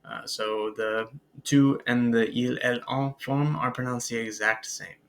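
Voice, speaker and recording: A man teaching a beginners' French lesson over slides, patient and filling pauses with "uh" and "um" as he models French phrases. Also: mid-range voice, fairly even intonation, a bit bright. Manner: patient, many filler "uh"s and "um"s; switches into careful French pronunciation models. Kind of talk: recorded slide lecture.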